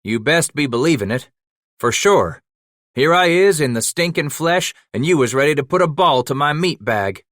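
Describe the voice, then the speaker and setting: A gruff old mountain-man trapper, as a narrator puts him on, drawling in thick backwoods frontier speech. His voice sits a little higher than the teller's own and comes through dry and close. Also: expressive, normal speed, fairly bright tone, no echo.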